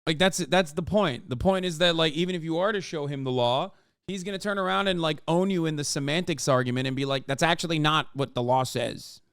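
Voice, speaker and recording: A man streaming his reaction to a video, loud, swearing and animated. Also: on the high side, quick pace, clean tone, dry recording, clean studio sound. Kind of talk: live reaction commentary.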